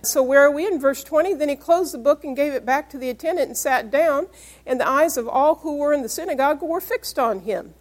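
A woman with a high voice preaches in an emphatic style. She reads scripture verse by verse and stops to ask the congregation questions. Her talk has the firm cadence of a pastor teaching her church. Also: brisk. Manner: emphatic, call-and-response questions. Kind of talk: sermon.

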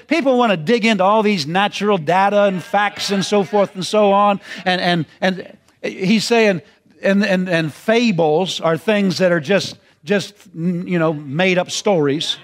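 A man preaching with a high voice. He talks in a folksy, repeating style and climbs toward ringing, shouted emphasis. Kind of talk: sermon.

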